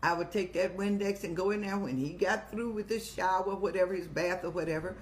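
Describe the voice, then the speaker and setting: A woman's voice: fairly low pitch, fairly quick. An older woman hosting an advice show, talking in a folksy, motherly, preaching way. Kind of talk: casual advice talk.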